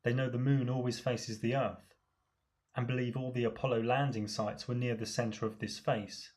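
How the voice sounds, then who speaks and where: A man with a mid-pitched voice delivers a comic rant monologue, dripping with sarcasm. He mocks and scoffs as he goes, with a casual, matey delivery. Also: flat delivery, moderate pace, a little mellow. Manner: sarcastic, mocking.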